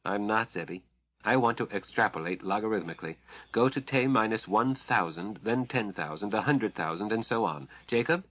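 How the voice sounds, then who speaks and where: A man's voice: fairly low pitch, expressive, moderate pace, dry recording, muffled recording. A man reading an audiobook, voicing a bold, bossy woman who captains a ship and teases her crew. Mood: commanding. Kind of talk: audiobook character voice.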